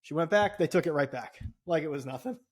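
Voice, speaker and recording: Animated storytelling man, rising indignation. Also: on the high side, quick pace, slightly rough. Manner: animated, swears often, voice rises when indignant. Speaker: podcast co-host. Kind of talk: casual storytelling.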